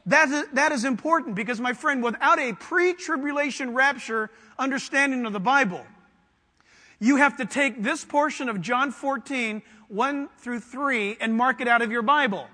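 A man preaching with fervent, emphatic energy, his voice pitched very high and ringing bright. He puts questions to the congregation as he teaches. The sound carries a long reverb from a church sanctuary. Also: moderate pace. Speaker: pastor. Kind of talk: sermon.

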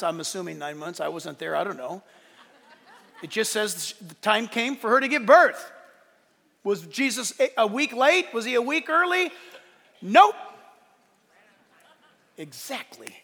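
A male pastor preaching a sermon, animated, acting out quoted voices along the way. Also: high voice, moderate pace, creaky, pauses often, in a large hall.

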